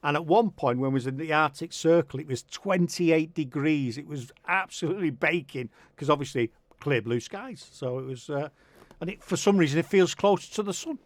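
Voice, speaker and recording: A man's voice: moderate pace, no room sound. A middle-aged man with a Manchester accent, hosting a radio show interview with cheeky jokes and lots of laughter. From Northwest England. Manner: jokey, cheeky, laughs a lot, big pitch jumps. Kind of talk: casual interview chat.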